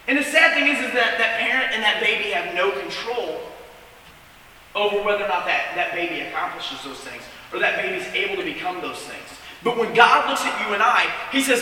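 A middle-aged man preaching a sermon, his high, very bright voice ringing through a big echoey hall. He sounds a little distant from the mic, with a faint hiss behind him. His delivery is impassioned, moving from loud urgency to soft earnestness. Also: brisk. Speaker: campus minister.

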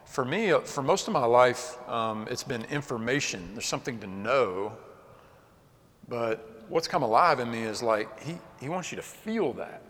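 A man preaching a sermon with passion, swinging between loud outbursts and hushed, earnest moments. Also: medium pitch, lively intonation, moderate pace. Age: adult. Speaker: pastor. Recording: long hall reverb.

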